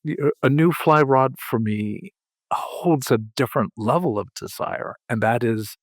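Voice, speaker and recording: An older man talking slowly in a reflective conversation, halting and restarting, with sudden lifts in pitch. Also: no room sound, studio quality. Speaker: podcast host.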